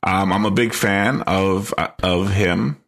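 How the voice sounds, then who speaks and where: A man with a very low voice, talking loosely on a podcast. His voice is gravelly with fry, and he keeps pausing on ums and likes as he looks for what to say. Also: fairly even intonation, fairly bright tone. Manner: hesitant, full of ums and likes. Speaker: podcast co-host. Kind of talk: casual podcast chat.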